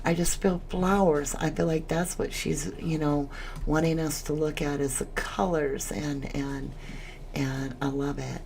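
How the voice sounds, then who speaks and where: A woman with a low, gravelly voice hosts a casual livestream chat. She talks with emotion and reads viewer comments aloud. A faint hiss sits under her voice. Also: level tone, a little slow, a little mellow. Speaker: livestream host.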